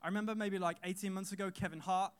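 A man's voice: high voice, fairly even intonation, fast talker, clean tone. A young man, giving a casual youth sermon in a chatty storytelling manner with fillers and repeated phrases. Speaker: youth speaker.

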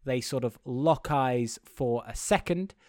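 A man's voice: mid-range voice, takes it slowly, a little mellow. A man co-hosting a casual film chat, rambling and opinionated with frequent restarts. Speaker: podcast co-host.

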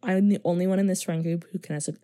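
A young woman gives her frank take on a movie in casual chat. Her voice is dark and mellow, and she laughs easily. The recording is dry and close. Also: lowish voice, steady tone, no room sound. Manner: blunt, opinionated, quick to laugh.

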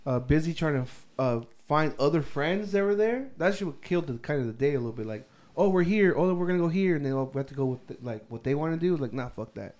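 Speaking fast with hardly any pauses, a young man with a medium-pitched, darkish voice rambles through a story among friends. He swears a lot and keeps laughing along the way.

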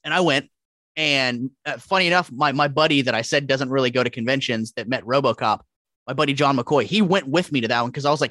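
A man telling animated, profanity-laced stories as a podcast guest in casual chat. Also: medium pitch, fast, dry recording, studio quality. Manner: profane, animated, acts out quotes.

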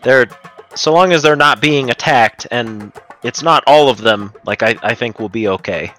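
A man's voice: mid-range voice, moderate pace, pushed and bright, soft background music. A man playing a tabletop role-playing game, chatting casually with other players.

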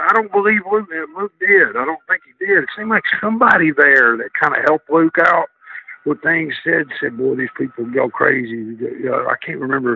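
A man's voice: on the high side, creaky, breathy edge. A man, a guest telling rambling stories in a casual interview, circling back on himself. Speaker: guest, former wrestler. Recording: tinny phone line.

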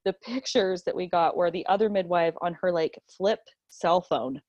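Woman guest recounting her story, animated and chatty, on a muffled, dry recording. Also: fairly low pitch, normal speed, dry recording. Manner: animated, acts out quotes, many fillers. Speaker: interview guest telling a birth story. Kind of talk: conversational personal storytelling. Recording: dull, lo-fi, dry.

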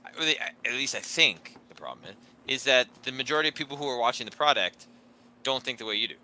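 A man co-hosting a casual podcast chat, chiming in with dry, low-key remarks. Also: expressive, quick pace, sharp tone, a little hiss or hum, low-quality recording. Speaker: podcast co-host.

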